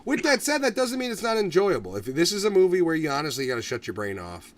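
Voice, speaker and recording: A man hosting a casual movie review podcast, talking in a profane, animated way and acting out quotes. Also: a little high, fast, recorded from a distance, slight background noise. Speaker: podcast host.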